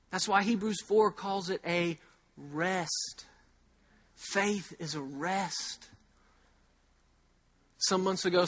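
A male pastor preaching a sermon in a conversational way, asking rhetorical questions and slowly repeating key phrases for emphasis. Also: high-pitched, fairly bright tone.

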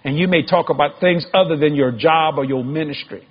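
A middle-aged man preaching to a congregation, his voice husky and pitched a little high. He climbs into high shouted peaks and stretches out key words slowly. The recording sounds muffled and lo-fi. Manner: emphatic preaching with sudden high shouted climbs and slow drawn-out stresses. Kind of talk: sermon.

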